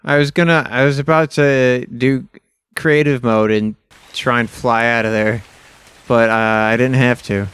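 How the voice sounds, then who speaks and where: A man casually commenting on his own video game play, excitable and self-mocking, yelping when surprised. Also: mid-range voice, unhurried, clear, resonant tone, no room sound. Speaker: gaming YouTuber.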